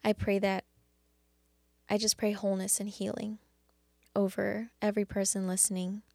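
A woman hosting a faith devotional talk, speaking earnestly and haltingly with many restarts. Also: mid-range voice, little pitch movement, creaky, darkish tone, no room sound. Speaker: podcast host.

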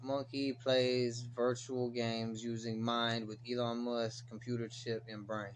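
A man's voice: mid-range voice, little pitch movement, unhurried, a little hiss or hum. A young man co-hosting a casual late-night podcast, trading crude jokes and banter. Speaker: podcast co-host.

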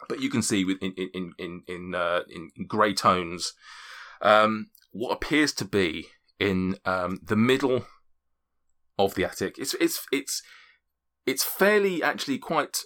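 Halting game master. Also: male voice, lowish voice, expressive, bright, forceful tone. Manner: halting, many restarts. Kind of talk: narrating a tabletop game.

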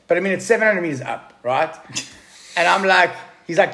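A man's voice: on the high side, a little fast. A man telling a story casually to a podcast host, swearing freely and calling him bro. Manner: profane, excitable storyteller addressing the listener as bro. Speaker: podcast guest.

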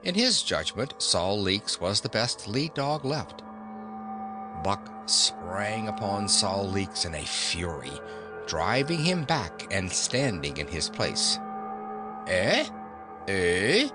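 A man narrating a classic novel as an audiobook reader, in slow, expressive storytelling. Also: on the low side. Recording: narration over background music.

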